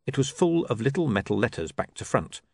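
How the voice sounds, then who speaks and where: A man's voice: mid-range voice, big pitch swings, brisk, gravelly, a little mellow, slightly rough, dry recording. A man reading a comic novel aloud as narrator, with wry, dry storytelling. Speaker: audiobook narrator. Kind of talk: scripted narration.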